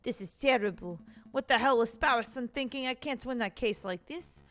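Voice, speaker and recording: A woman's voice: a little high, normal speed, a bit bright, lightly acted. A woman voicing an earnest, anxious young male defense lawyer.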